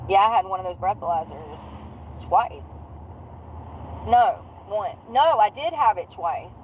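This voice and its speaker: A woman's voice: medium pitch, animated, measured pace, a little mellow, a little hiss or hum, poor audio. A woman telling a rambling, candid story in casual slang while she drives.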